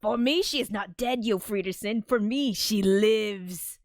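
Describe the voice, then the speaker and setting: A woman voicing a furious, possessive male mad inventor who shouts and snarls. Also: mid-range voice, unhurried, no room sound, studio quality, lightly acted.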